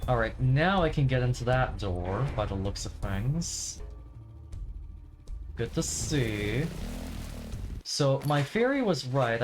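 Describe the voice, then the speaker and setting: A woman's voice: a bass voice, darkish tone. A woman giving casual gameplay commentary as a streamer, swearing and making sarcastic asides between frustrated outbursts. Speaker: gaming streamer.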